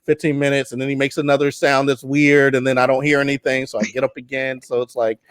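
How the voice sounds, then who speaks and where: A man's voice: mid-range voice, level tone, fast, no echo, clean studio sound. A man hosting a podcast who chats casually about his new baby, laughs often and acts out the baby's cries. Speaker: podcast host. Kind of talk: casual chat.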